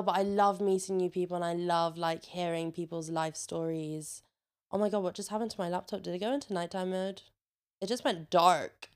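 A young woman hosting a casual solo podcast, chatty and sweary, laughing often and getting animated when she rants. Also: on the low side. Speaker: podcast host.

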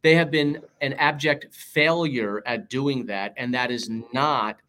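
A man's voice: mid-range voice, a little slow, bright, forceful tone. Emphatic New York man in an interview. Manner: emphatic, punchy campaign rhetoric. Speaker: political candidate guest. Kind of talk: interview answers.

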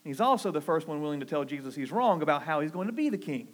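A Southern man preaching a sermon in an earnest, pastoral way. His voice sits a little high for a man. He swings from emphatic, rising declarations to low, quiet asides. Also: animated, fast. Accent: Southern American. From American South. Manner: earnest preaching, rising emphatic on key phrases, dropping low and soft for quotes.

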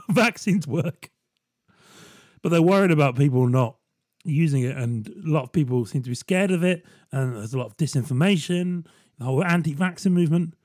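A man riffing in a loose, sardonic comedy monologue, chuckling at his own lines. His voice sits slightly high for a man. The sound is dry and close, with no room at all. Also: darkish tone, no echo. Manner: rambling, sardonic, laughs at his own jokes. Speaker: comedy podcast host.

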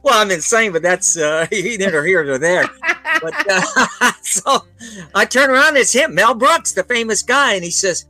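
A man, an author and interview guest, chatting casually and laughing often as he tells animated stories. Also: sits high, moderate pace. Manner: animated storyteller, voices the people he quotes.

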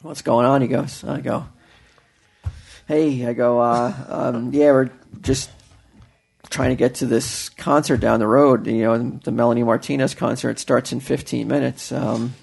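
A man's voice: mid-range voice, steady tone, unhurried, creaky, a little mellow, slightly rough. A man telling a long story in casual chat, with many fillers and restarts. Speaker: podcast co-host telling a story.

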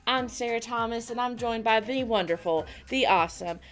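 A woman's voice: a little high, moderate pace, faint music behind. A woman hosts a faith podcast. She chats in a playful, giggly way. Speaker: podcast host. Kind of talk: casual podcast chat.

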